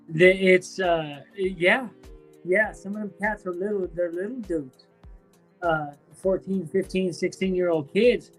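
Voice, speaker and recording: A man chatting casually on a home live stream, loose and profane, full of slang and restarts, high from smoking weed. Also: a bit bright. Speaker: streamer talking to chat. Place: at home, indoors.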